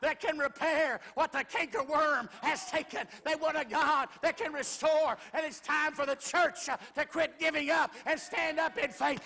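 A man with a very high, gravelly voice preaches with a bright, sharp edge, shouting his lines in a rolling sermon cadence. He is heard in a large church hall where the reverb rings on. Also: steady tone, normal speed, hardly any pauses. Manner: shouting preaching cadence, drops to quiet storytelling. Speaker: guest preacher. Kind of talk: Pentecostal sermon.

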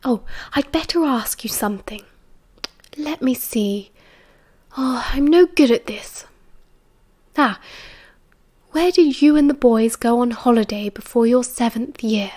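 A woman with a British accent reading the lines of a kindly, motherly older woman in an audiobook, speaking very quietly. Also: on the high side, fairly even intonation, unhurried, pauses often. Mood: gentle. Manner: very quiet, soft-spoken.

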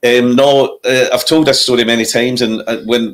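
Scottish man, storytelling, animated, mid-pitched, drops into put-on voices. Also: moderate pace. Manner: animated, puts on voices and impressions. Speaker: comedian guest. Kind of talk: casual storytelling.

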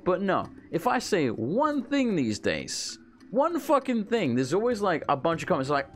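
A man's voice: a little high, huge pitch swings, normal speed, faint music behind. A man giving casual gameplay commentary, ranting and swearing freely. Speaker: let's play gamer.

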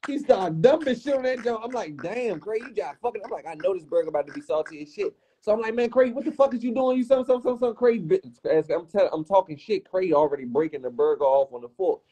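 A man's voice: quick pace, hardly any pauses, husky. A man with a DC-area accent, telling a funny story on a livestream in casual slang and swearing, acting out the people he quotes. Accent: Washington DC area. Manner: animated, swearing, acts out quotes in high voices.

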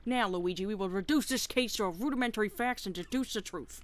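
A woman's voice: mid-range voice, fairly quick, lightly acted. Woman doing a pompous male penguin detective, formal, theatrical, self-assured, video game.

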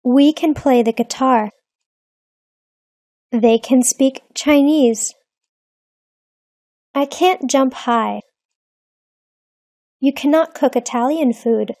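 A woman reading short lesson dialogues in a slow, deliberate, evenly paced way. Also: high-pitched, a little mellow, no room sound, studio quality. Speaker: English lesson reader.

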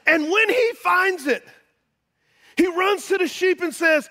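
A male pastor preaching a sermon with great energy, repeating words for emphasis and swinging between loud exclamations and hushed tones. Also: extremely high pitch, a little slow, long reverb tail.

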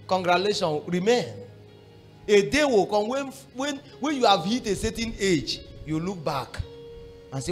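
A middle-aged man preaching a sermon as pastor, fervent, moving from murmured prayer to shouted exhortation. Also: extremely high pitch, very animated, normal speed, faint music behind.

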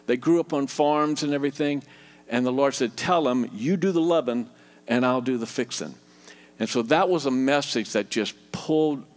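This is a middle-aged man preaching, with a middle-pitched voice. He talks with heartfelt tenderness, and he sinks into a soft, low murmur as he prays over the crowd. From Louisiana. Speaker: guest preacher. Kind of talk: sermon and closing prayer.

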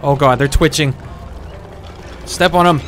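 A man streaming a horror game, reacting loudly and jumpily with frequent cursing and laughter. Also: fairly high pitch, unhurried. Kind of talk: live gameplay commentary. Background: game music.

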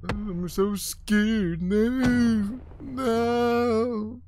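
A man's voice: very high voice, steady tone, very slow, background noise, voice pushed up, exaggerated voice. A man voicing a scared, whiny kid hiding in a corner, in a mocking, pleading tone.

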